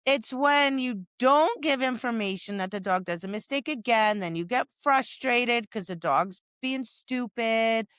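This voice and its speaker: In a casual podcast chat, a woman dog trainer co-hosts with a fairly high, fairly bright, smooth voice, unhurried yet with hardly any pauses. She acts out her dog's answers and scolds owners in exasperation, recorded dry.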